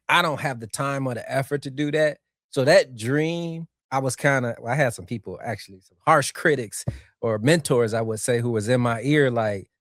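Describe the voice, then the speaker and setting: A middle-aged man co-hosting a podcast, reflecting in a measured, storytelling way. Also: medium pitch, dry recording, clean studio sound. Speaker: podcast co-host. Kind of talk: casual podcast chat.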